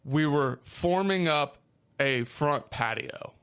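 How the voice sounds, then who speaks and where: A man with a Midwestern accent, co-hosting a casual podcast chat and telling rough stories, swearing freely. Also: fairly high pitch, slow. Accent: Midwestern American. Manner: swearing storyteller, lively. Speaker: podcast co-host.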